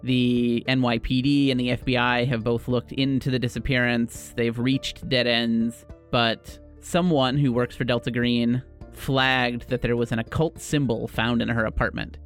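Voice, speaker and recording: A man hosting a tabletop game podcast, recapping the scenario in an easygoing, clear way. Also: mid-range voice, flat delivery, normal speed, soft background music. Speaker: game master and host. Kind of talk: podcast hosting and scene narration.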